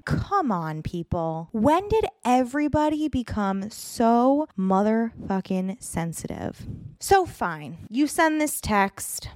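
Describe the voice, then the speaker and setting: A woman's voice: mid-range voice, no echo, studio quality. A young adult woman hosting a solo podcast episode, ranting bluntly and swearing often. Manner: blunt, profane, exasperated ranting. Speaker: podcast host.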